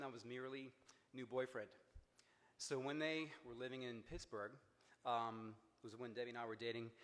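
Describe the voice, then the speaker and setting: A man from Cincinnati giving a personal memorial speech, storytelling with humor and jumps in pitch for emphasis. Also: a bit bright. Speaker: eulogy speaker, friend of the deceased. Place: memorial service hall. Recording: echoey hall with long reverb.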